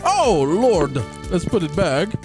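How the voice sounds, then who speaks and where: A man's voice: sits high, sing-song, slow pace. A man giving casual let's play commentary, chatting to the game characters as he plays. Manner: chatty, talks to game characters, hums and sings. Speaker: gamer. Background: game music.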